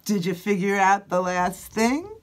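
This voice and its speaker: A woman's voice: mid-range voice, a little slow. A woman teacher leading a children's sing-along at home, playful and coaxing as she gives step-by-step directions.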